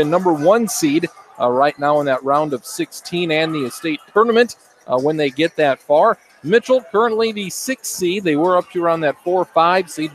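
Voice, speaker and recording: Man, play-by-play announcer, relaxed rambling delivery with fillers, light ambient noise. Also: on the high side, low-quality recording. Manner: conversational with frequent fillers and self-corrections. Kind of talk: pre-game sports commentary.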